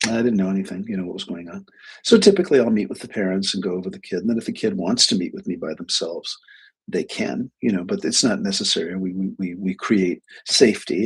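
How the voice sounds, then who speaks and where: A middle-aged man talks in a casual, rambling way, hosting his own live stream as a psychologist. His voice sits low and sounds rough and raspy. He keeps restarting sentences and quoting back and forth as he tells a story. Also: lively intonation, quick pace, poor audio. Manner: rambling, with restarts and quoted dialogue. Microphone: webcam or desk mic on a live stream.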